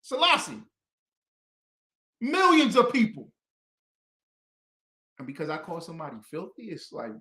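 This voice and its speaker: A man's voice: sits high, wildly swooping pitch, a little slow, pauses often. Fiery preaching man in an echoey room. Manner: combative and preachy, loud emphatic bursts. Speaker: religious teacher. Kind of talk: fiery teaching commentary.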